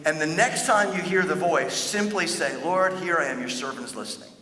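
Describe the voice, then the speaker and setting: A man's voice: on the high side, brisk, pushed and bright, a little hiss or hum. A male pastor voicing a weary old priest who scolds at being woken, within a sermon in an echoey hall. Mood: gentle. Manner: exasperated, scolding. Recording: echoey hall with long reverb.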